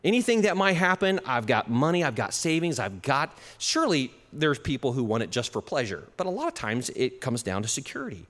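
Animated preaching man in an echoing hall. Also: medium pitch, brisk, hardly any pauses. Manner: animated preaching with chuckles and shifts in pace. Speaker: pastor. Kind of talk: sermon. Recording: long reverb of a hall.

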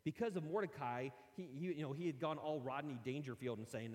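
A male pastor preaching a sermon as an animated storyteller who jokes with his listeners, recorded in a church sanctuary. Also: on the high side, a little fast, few pauses. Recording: long reverb of a large hall.

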